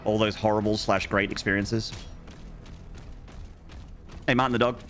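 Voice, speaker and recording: Over a noisy background, an Australian streamer speaks in a lowish, flat voice at a moderate pace. The young man rambles casually while playing, cracking jokes and talking to his chat.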